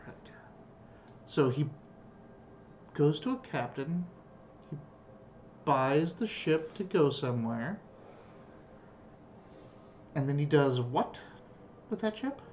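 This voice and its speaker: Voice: medium pitch, animated, slow, pauses often, darkish tone, slight background noise. Teasing tabletop player, muffled audio. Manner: teasing, wry questioning. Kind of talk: in-character tabletop role-play. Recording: dull lo-fi home recording.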